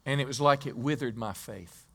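A man's voice: medium pitch, moderate pace, pushed and bright. A male pastor preaching a sermon in a church, telling a story and quizzing the congregation, often restarting his words.

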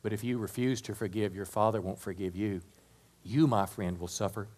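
Animated preaching man. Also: on the low side, normal speed. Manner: animated preaching, dropping to soft prayer. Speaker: pastor. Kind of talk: sermon.

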